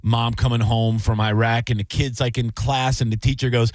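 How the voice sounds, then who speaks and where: A man hosting a radio aftershow in casual chat, animated and laughing, acting out quotes in put-on voices. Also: mid-range voice, moderate pace, no room sound. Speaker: radio host.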